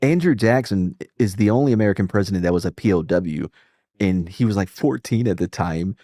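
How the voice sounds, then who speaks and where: A man's voice: on the low side, warm tone, no room sound, clean studio sound. A man hosting a casual reaction chat, rambling and profane, laughing often and restarting his sentences. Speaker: streamer host.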